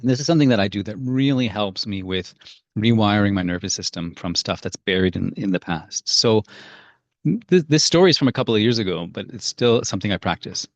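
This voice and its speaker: A man leads a parenting workshop, telling stories conversationally with frequent fillers and restarts. His lowish voice moves briskly. The recording is dry and lo-fi.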